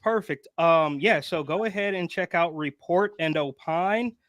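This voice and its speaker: A relaxed man joins a live stream by video call to plug his channel. His voice is high, and the sound is dry with no room around it. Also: a little slow, no echo. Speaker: guest YouTuber. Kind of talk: casual live stream chat.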